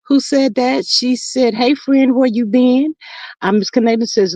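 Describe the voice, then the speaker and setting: Lady hosting a live chat stream, chatty and lively, dry close sound, reads comments out loud. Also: no echo, muffled recording. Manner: chatty, lively, drawn-out greetings, sudden high exclamations.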